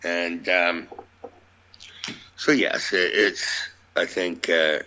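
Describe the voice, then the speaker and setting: A man's voice: low voice, steady tone, very slow, bright, forceful tone, smooth. A man speaking as a radio guest, musing about beliefs in a plainspoken, rambling way. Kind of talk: conversational radio interview. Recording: dull lo-fi audio.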